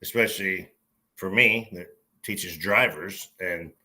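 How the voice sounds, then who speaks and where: Dude co-hosting a beer podcast, cussing and joking, low but super sharp voice. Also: male voice, slow pace. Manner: joking, profane banter. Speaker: podcast co-host. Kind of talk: casual chat over beers.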